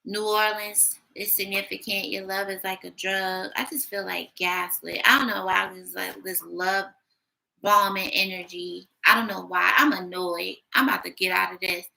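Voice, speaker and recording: A woman giving a casual tarot reading, blunt and sassy, talking her thoughts out loud. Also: mid-range voice, little pitch movement, normal speed, vocal fry, rough recording. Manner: blunt, sassy, thinking aloud. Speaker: tarot reader.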